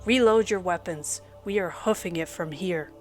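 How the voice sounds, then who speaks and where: A woman's voice: lowish voice, normal speed, faint music behind, natural voice. A woman voicing a tough male mercenary leader who gives curt, commanding orders.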